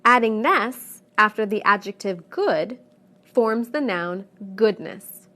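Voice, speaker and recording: A woman narrating a scripted pronunciation lesson, speaking clearly and deliberately and stressing each example word. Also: mid-range voice, lively intonation, sharp tone. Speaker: English pronunciation teacher.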